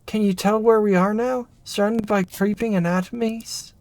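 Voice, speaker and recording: A performer reading a narrative game aloud, voicing an excitable former research assistant who rambles and restarts mid-thought. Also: mid-range voice, moderate pace, no echo, close to an everyday voice. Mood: animated. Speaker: game character voice.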